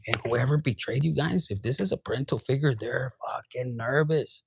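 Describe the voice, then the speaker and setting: A man giving a collective tarot reading. He talks in a profane, animated way and drops into Spanish. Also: mid-range voice, moderate pace, vocal fry, husky, no room sound. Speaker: tarot reader.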